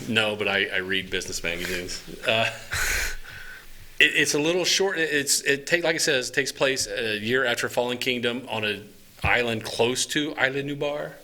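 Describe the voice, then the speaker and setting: A man's voice: medium pitch, moderate pace, pushed and bright. A man co-hosting a casual podcast chat, explaining movie and comic news with jokes and small laughs. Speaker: podcast co-host.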